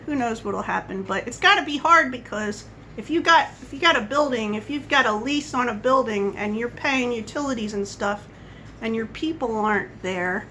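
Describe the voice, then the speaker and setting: Bright chatty woman vlogger. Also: a little high, normal speed, slight background noise, poor audio. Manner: rambling, chatty, goes off on tangents. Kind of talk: casual coffee-chat monologue.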